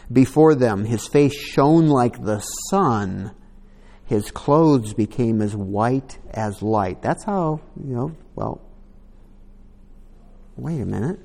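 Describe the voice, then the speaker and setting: A man's voice: mid-range voice, a little mellow. A man preaching a sermon, reading scripture aloud and breaking in with casual asides. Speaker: pastor. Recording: long hall reverb.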